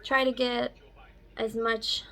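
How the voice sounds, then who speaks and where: Woman, young adult, casual vlog talk, slightly high pitch, rambling delivery. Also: little pitch movement, slow, fairly bright tone. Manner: chatty, rambling, with filler words. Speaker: vlogger.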